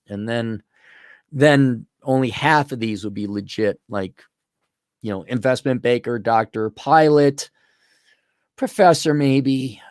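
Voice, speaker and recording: A man hosting an opinionated commentary monologue, rambling and animated, often slipping into mocking impressions. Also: mid-range voice, slow, pauses often, clean tone, no room sound, studio quality. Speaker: host.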